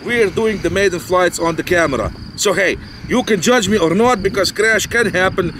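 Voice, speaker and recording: A man's voice: high-pitched, normal speed, background noise. A man hosting an RC flying channel, chatting casually and jokingly in rambling, non-native phrasing, recorded outdoors. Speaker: channel host, RC pilot.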